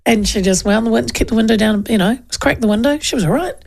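A woman's voice: fairly high pitch, fast talker, vocal fry. A middle-aged woman with a New Zealand accent hosting a talk radio show, chatting and telling stories in a loose, laughing way. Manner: chatty, laughing, acts out quoted voices. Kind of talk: casual chat and storytelling.

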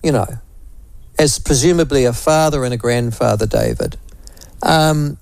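A man's voice: medium pitch, expressive, normal speed, creaky, a little mellow, no room sound, low-quality recording. A man hosting talk radio, blunt and opinionated, rambling with many fillers and asides. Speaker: radio talk show host.

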